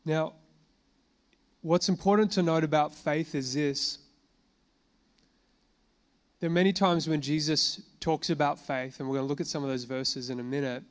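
A man preaching to a congregation, reading scripture slowly and then explaining it in a relaxed conversational way, with fillers and questions to the room. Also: fairly high pitch. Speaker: pastor. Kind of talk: sermon. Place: church gathering addressing a congregation.

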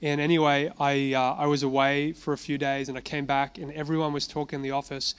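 A man's voice: fairly high pitch, flat delivery, a little fast, few pauses, clear, resonant tone. A man giving an informal sermon, telling personal testimony in a conversational way and asking and answering his own questions. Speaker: preacher.

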